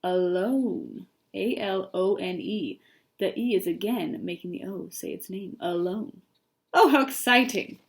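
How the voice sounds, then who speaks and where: A woman's voice: on the low side, a little slow, mellow, husky. A woman teacher reading a storybook aloud and stopping to spell out words letter by letter for young students. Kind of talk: phonics lesson with read-aloud.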